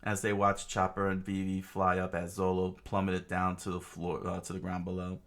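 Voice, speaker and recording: A man casually reading a comic aloud as narrator, halting often with fillers and restarts. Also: low voice, monotone, a bit bright. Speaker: comic reader.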